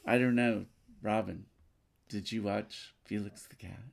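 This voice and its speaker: Gravelly-voiced man chatting over a game. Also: on the low side, fairly even intonation, a little slow. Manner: chatty, rambling asides. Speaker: game player, co-host. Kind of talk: casual chat during a game playthrough.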